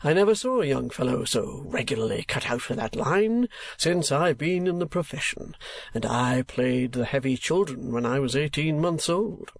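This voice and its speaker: A man voicing a talkative, theatrical middle-aged theatre manager, speaking slowly and emphatically. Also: mid-range voice, expressive, vocal fry. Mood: enthusiastic.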